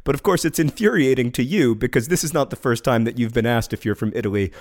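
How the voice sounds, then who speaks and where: A man co-hosts a podcast with wry, dry humor, steering the chat from one topic to the next. His voice sits in an ordinary middle pitch, with fillers between his points. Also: fast talker. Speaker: podcast co-host.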